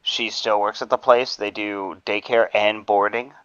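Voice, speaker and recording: A man rambling in relaxed livestream chat on a headset mic. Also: on the low side, a little slow, smooth, no echo, lo-fi sound.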